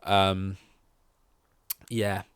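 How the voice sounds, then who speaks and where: Low smooth-voiced male podcast host. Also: level tone, drawn-out words, a bit bright, no echo, clean studio sound. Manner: rambling, thinking aloud with hesitant restarts. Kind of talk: casual chat.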